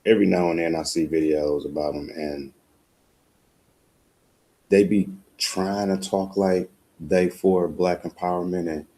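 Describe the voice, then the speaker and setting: A man's voice: low voice, steady tone, measured pace, long pauses, warm tone. A man hosting a late-night show, talking in a blunt, profane, emphatic monologue. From United States. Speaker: podcast host. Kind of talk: casual monologue.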